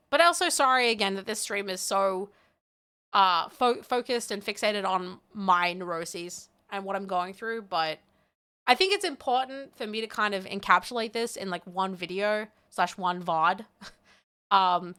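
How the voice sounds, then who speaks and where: Bright-voiced woman streamer, rambling. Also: mid-range voice, clear, resonant tone. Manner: rambling, candid, self-deprecating, laughs often. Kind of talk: casual live-stream chat.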